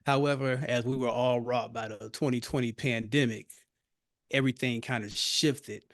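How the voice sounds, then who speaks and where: A man's voice: mid-range voice, steady tone, moderate pace, dry recording, studio quality. A man from Florida with a Southern accent, a fitness coach chatting as a podcast guest in a friendly, easygoing drawl. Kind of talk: casual interview chat.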